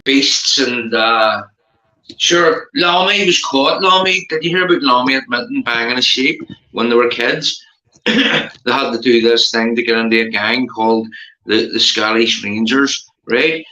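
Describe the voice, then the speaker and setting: A man's voice: medium pitch, a little slow, bright, forceful tone. A man with a Belfast accent chatting casually on a live stream, rambling, swearing and laughing often. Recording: roomy, dull lo-fi sound.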